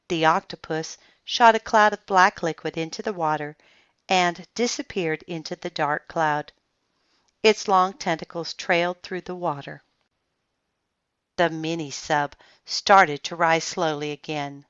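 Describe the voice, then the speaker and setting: A woman reading a children's book aloud in slow, clear storytelling. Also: low-pitched, fairly bright tone, no room sound. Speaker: reader. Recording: dull lo-fi sound, dry.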